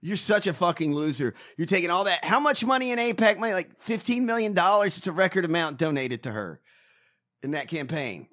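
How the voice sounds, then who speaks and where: A man with a slightly high voice and a lively, swooping delivery. He hosts casual political chat and is blunt and mocking, with heavy swearing. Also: a little fast. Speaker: podcast host.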